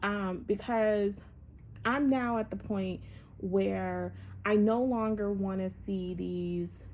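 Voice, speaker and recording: A woman's voice: mid-range voice, fairly even intonation, slow, a little mellow, slight background noise. A woman hosting a casual opinion monologue, talking emphatically and animatedly, with many fillers and restarts. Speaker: podcast host.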